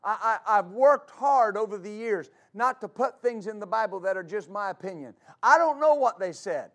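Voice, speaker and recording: A man's voice: high-pitched, animated, normal speed, fairly bright tone. A man preaching a sermon as pastor, fervent and repetitive, stammering on restarts and calling for answers from the congregation. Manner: call-and-response with congregation.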